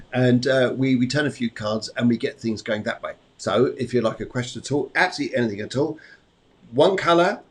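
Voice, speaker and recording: Indoors at home during a storm, a man hosts a live psychic medium show, chatting casually, rambling, and repeating his phrases often between readings. His voice is mid-range, with slight background noise.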